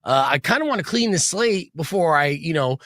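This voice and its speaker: A man's voice: on the high side, animated, a little fast, a bit bright, no echo, clean studio sound. A man hosting a rock radio show and podcast, talking in a rambling, jokey way with lots of fillers. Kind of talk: casual rock radio chat.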